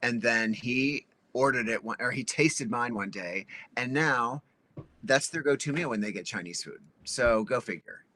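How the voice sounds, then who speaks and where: A man's voice: medium pitch, measured pace, bright, forceful tone, slight background noise. A man co-hosting a live stream, chatting casually in an upbeat, playful way. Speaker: co-host, reverend.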